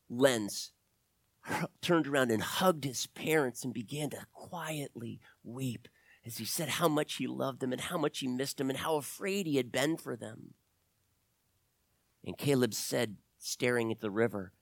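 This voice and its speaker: A man's voice: mid-range voice, gravelly, slightly rough, no echo. A man telling an adventure story expressively, sometimes dropping to a whisper.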